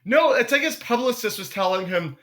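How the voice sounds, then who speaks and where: Young comedian, high-pitched, casual and animated, swears freely. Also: male voice, fairly quick. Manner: animated, swears often, breaks into loud joking voices. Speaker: podcast guest, comedian. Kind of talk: casual podcast chat.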